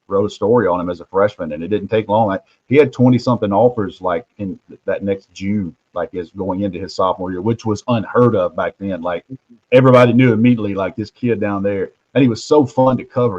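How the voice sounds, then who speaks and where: A man hosting casual sports talk. He tells stories animatedly, dropping to hushed asides and rising for loud punchlines. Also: fairly low pitch, dry recording. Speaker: host, recruiting reporter. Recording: muffled lo-fi audio.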